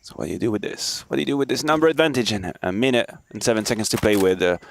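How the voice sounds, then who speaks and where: Male color analyst, measured and dry, game noise behind. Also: on the low side, vocal fry. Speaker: esports analyst. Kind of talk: color commentary and banter. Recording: noisy game audio behind. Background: game gunfire and clicks.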